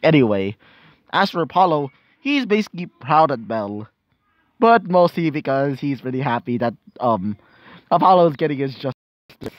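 A man's voice: medium pitch, very animated, normal speed, no room sound, muffled recording. A man narrating improvised fan fiction in a rambling, casual way, with many fillers and self-corrections. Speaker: storyteller.

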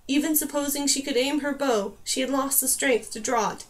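A woman reads a fantasy novel aloud in a steady, even storytelling voice. Her pitch sits high for a woman. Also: a little fast. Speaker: audiobook narrator. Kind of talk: audiobook reading of a fantasy novel.

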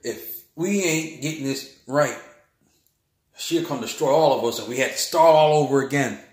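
A man's voice: mid-range voice, normal speed, a little mellow. Heated, repetitive man in an echoey room. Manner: heated, repetitive, keeps saying "man" and "bull crap". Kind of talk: rambling spiritual monologue.

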